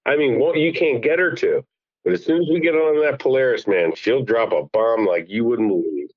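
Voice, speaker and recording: A middle-aged man chatting as a podcast guest over the phone, telling family stories in an animated, laughing way. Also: mid-range voice, fairly quick, no room sound. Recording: dull lo-fi phone line.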